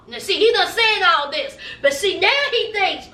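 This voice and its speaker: Woman, high bright voice, sassy TV-recap gossip, roomy far-off mic sound. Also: a little slow, hardly any pauses. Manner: sassy, gossipy, acts out the cast's lines. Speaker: recap vlogger. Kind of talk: casual TV recap commentary. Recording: echoey room, mic at a distance.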